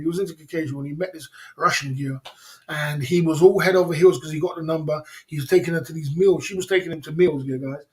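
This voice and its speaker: A man hosting a livestream, telling a long rambling story in casual chat, repeating himself and calling the viewers bro and guys. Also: fairly high pitch. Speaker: livestream host.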